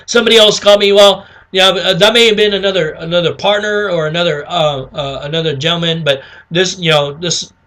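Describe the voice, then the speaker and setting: A man's voice: fairly high pitch, steady tone, a little fast, hardly any pauses, a bit bright. A man teaching sales calls in a casual, chatty way, often checking in with "okay?" and acting out sample phone calls. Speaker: sales trainer. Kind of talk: casual instructional talk.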